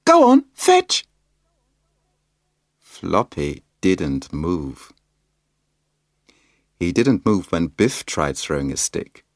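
A man reading a children's picture book aloud in a slow, expressive storytelling manner. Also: deep voice, dry recording, clean studio sound. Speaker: storybook reader.

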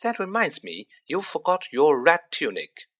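A man puts on a bossy teenage witch girl for a storybook reading, lifting his voice higher. She talks briskly and reassuringly in a bright tone. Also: wildly swooping pitch, exaggerated voice.

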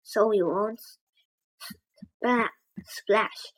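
A woman voicing an eager, bold young girl in a read-aloud storybook, slightly raised and lively. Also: medium pitch, extremely slow, rough recording.

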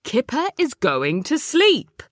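A woman reading aloud and voicing a calm, kindly father who reassures his son. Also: sits high, slow, no room sound, clean studio sound, pitched above the performer's own voice, full character voice.

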